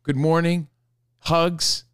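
A man's voice: fairly high pitch, little pitch movement, slow, clean tone, no echo, studio quality. A man hosting a casual sports talk show, laid-back and sure of his opinions.

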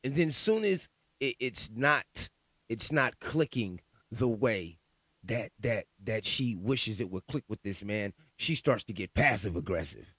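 A man's voice: fairly low pitch, lively intonation, unhurried, fairly bright tone, breathy edge, no echo. A man from California hosting a podcast, ranting in a profane, worked-up monologue and often repeating words as he goes. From Sacramento, California. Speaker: podcast host.

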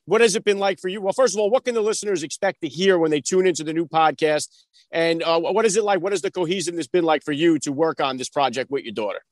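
A male podcast host rattles off eager, wordy questions at a quick clip. His voice sits a little higher than most men's. The recording is dry, with no room sound. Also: no echo. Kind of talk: interview questions.

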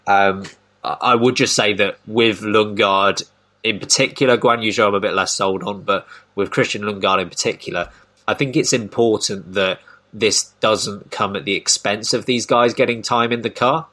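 A man's voice: on the low side, fairly even intonation, normal speed, bright, forceful tone. A man hosting a casual podcast discussion, thoughtful and given to restarts. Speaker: podcast host.

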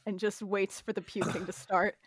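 A woman's voice: medium pitch, flat delivery, normal speed, dry recording, studio quality. A woman playing a tabletop game in a playful, dramatic way. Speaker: player.

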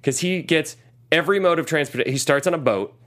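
A man's voice: a little high, brisk. A man hosting a casual podcast, recapping an action movie with jokes and quoted lines. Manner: animated storyteller, jokes and quotes clips. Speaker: podcast host reviewing a movie. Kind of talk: casual chat.

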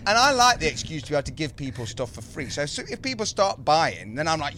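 A man in his thirties with a Birmingham accent, co-hosting a casual podcast and telling animated, sweary stories full of put-on voices. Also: on the high side, quick pace, few pauses, a little hiss or hum. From English Midlands. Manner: animated, sweary, laughing storyteller who does voices. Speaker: podcast co-host. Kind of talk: casual chat, storytelling. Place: outdoors.

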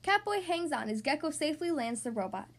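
A woman hosting a podcast, reading a storybook aloud to young children in a friendly, animated way. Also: sits high, a little fast. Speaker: podcast host reading to kids.

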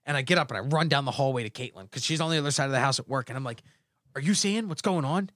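A middle-aged man hosting a podcast, telling animated stories full of swearing and acting out what others said. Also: medium pitch, very fast, no echo, studio quality. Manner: animated storytelling, swearing, acts out quotes. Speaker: podcast host. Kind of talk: casual podcast banter.

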